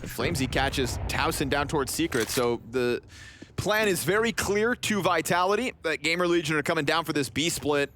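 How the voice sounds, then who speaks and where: A man calling live esports play-by-play with animated, vivid commentary. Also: fairly high pitch, moderate pace, slight background noise.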